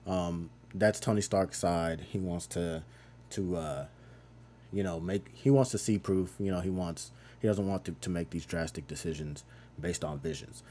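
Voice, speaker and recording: Mellow low-voiced man recapping comics. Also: normal speed. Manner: rambling, loosely paraphrases characters in an offhand tone. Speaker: comic book reviewer. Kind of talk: casual page-by-page comic recap.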